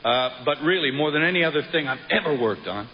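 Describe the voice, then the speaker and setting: A man giving a rambling, halting award acceptance speech full of fillers, heard through broadcast audio. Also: a little high, expressive. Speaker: award winner. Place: awards ceremony hall. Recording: dull broadcast audio with loud crowd and noise.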